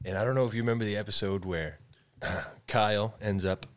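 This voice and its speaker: A man with a slightly low voice chats as a podcast guest. He tells a story in an animated way and often laughs as he talks. His tone stays casual throughout. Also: brisk. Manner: animated, laughs while telling stories. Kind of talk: casual chat.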